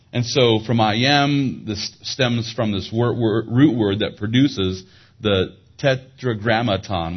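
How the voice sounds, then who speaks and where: A man preaching a sermon. He teaches verse by verse, explains Hebrew words, and lifts his voice when he drives a point home. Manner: rises in pitch and volume for emphasis. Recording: dull lo-fi sound.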